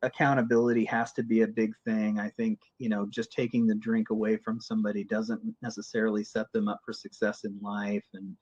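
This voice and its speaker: A man's voice: lowish voice, level tone, fairly quick, few pauses, a little mellow, slightly rough, no room sound. A man speaking hesitantly, with some stammering, as a podcast guest. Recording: dull dry lo-fi sound.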